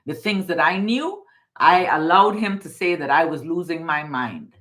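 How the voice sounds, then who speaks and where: A woman's voice: on the low side, expressive, normal speed, a bit bright. A middle-aged woman, a card reader from Guyana, talking casually and emphatically, often repeating phrases. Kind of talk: casual spiritual reading and storytelling.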